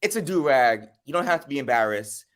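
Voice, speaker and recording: A man voicing a condescending male friend, using a high, mocking sing-song voice. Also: lively intonation, brisk, a bit bright, lightly acted.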